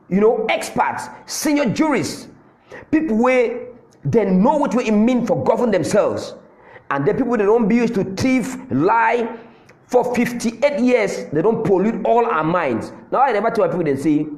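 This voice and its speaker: A man speaking Cameroonian Pidgin English delivers a fiery political address. His voice is high and swings widely in pitch as he repeats his points for emphasis. The sound has an echo, as if recorded in a bare room. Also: darkish tone. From Southern Cameroon. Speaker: political commentator.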